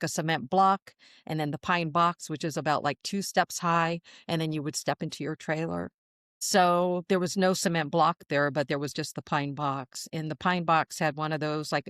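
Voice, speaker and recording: A woman's voice: low voice, no echo, clean studio sound. A woman in her sixties telling a long personal story as a podcast guest, chatty with frequent laughs and fillers. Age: 60s. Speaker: guest channeler.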